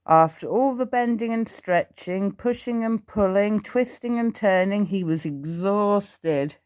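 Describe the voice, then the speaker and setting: A woman's voice: medium pitch, a little slow, darkish tone. A woman reading a children's storybook aloud, adding little asides to the listener.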